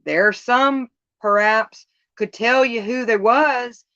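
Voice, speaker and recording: A woman's voice: a little high, slow, sharp tone, no echo, lo-fi sound, pitched above the performer's own voice, heavily acted. A woman voicing a grave old male shepherd with rustic country speech and solemn warnings, in a storybook reading.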